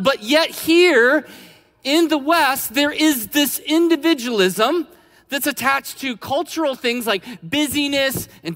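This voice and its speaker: A man's voice: extremely high pitch, fairly bright tone. A man preaching a sermon as a pastor, telling a story in a conversational way and then building to emphatic points. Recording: long hall reverb.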